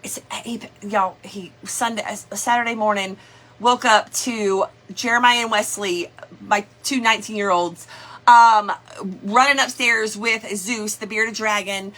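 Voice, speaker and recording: A woman's voice: mid-range voice, fairly even intonation, a little slow, a bit bright. A middle-aged woman chatting casually on a craft livestream, greeting viewers by name in a folksy way.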